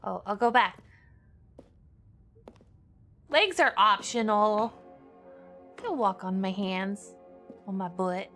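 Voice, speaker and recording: A woman's voice: mid-range voice, takes it slowly, fairly bright tone, soft background music. A young woman streaming a game, chatting casually and playfully, giggling and humming silly noises. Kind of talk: casual gameplay commentary.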